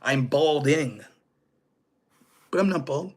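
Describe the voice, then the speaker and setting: A man with a fairly high voice speaks slowly while hosting a casual political commentary stream. He's animated and sarcastic, mocking opponents and chatting with readers in his live chat.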